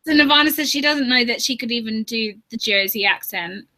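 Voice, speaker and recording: Bright, high-voiced woman reading comments. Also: fairly quick. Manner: reads out comments, dry and playful. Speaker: co-host reading viewer comments. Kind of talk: casual chat.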